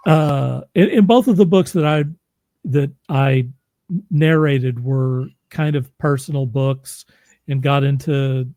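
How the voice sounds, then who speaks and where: This Oklahoma man, who hosts a podcast and narrates audiobooks, speaks slowly in a mellow mid-range voice with no room sound. The interview is casual chat, and he laughs readily.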